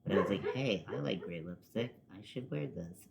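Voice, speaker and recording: A man's voice: low-pitched, lively intonation, a little fast, vocal fry, few pauses, very noisy. A man talking casually through a makeup tutorial at home, rambling and self-deprecating, with the odd muttered swear. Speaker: makeup vlogger. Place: at home, seated at a desk with a laptop.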